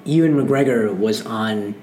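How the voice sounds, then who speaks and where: A woman in casual podcast chat, telling an animated anecdote. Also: very deep voice, measured pace, roomy sound, slight background noise. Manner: animated storyteller. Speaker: podcast co-host.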